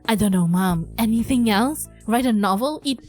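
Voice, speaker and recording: A woman voicing a moody, sarcastic teenage girl from a story-driven game, reading her lines aloud in a bratty tone that turns to shouting when upset. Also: fairly high pitch, normal speed, faint music behind, lightly acted. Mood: furious.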